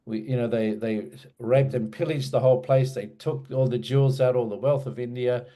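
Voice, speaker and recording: A man recounts a past experience in a rambling, hesitant style full of fillers. His voice is mellow and relaxed, sitting in a middle pitch. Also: normal speed. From Australia. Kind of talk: casual spoken recollection.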